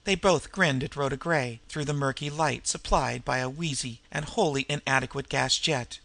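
Gravelly man reading a story aloud. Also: medium pitch, dry recording. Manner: measured, even storytelling. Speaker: audiobook narrator. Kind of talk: scripted narration.

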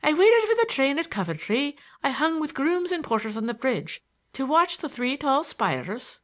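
A woman's voice: high voice, big pitch swings, moderate pace, voice pushed up. A woman voicing a boisterous Irish man who teases and declaims with mock grandeur. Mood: ironic. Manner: mocking, declamatory.

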